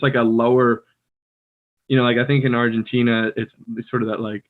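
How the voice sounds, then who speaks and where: A man with an American accent, co-hosting a casual podcast chat in a relaxed, rambling way with many fillers, heard over a video call. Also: medium pitch, a little fast. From United States. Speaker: podcast co-host. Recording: tinny phone-like call audio.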